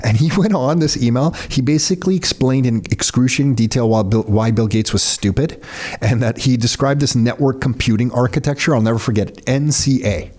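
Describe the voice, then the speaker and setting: A man's voice: medium pitch, a little fast, a little mellow. A middle-aged man hosting a podcast, telling stories animatedly, acting out dialogue and swearing casually. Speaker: podcast host. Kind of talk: casual conversational storytelling.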